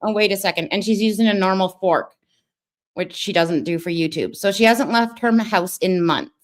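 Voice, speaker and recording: A woman's voice: mid-range voice, moderate pace. A woman hosting a reaction video, giving sarcastic commentary over a clip with mocking, dry asides.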